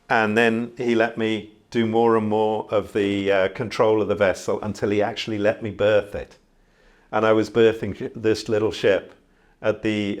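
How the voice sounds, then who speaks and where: A middle-aged man from the Channel Islands speaks in a fairly low voice. He talks like a seasoned ship captain telling a story, reflective and unhurried, with plenty of "um"s along the way. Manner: reflective, unhurried, many fillers. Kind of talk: conversational storytelling.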